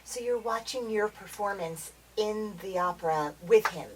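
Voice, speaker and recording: A woman's voice: medium pitch, unhurried. A woman interviewing a guest in casual chat, asking questions with playful, jokey asides. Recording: distant mic with faint noise.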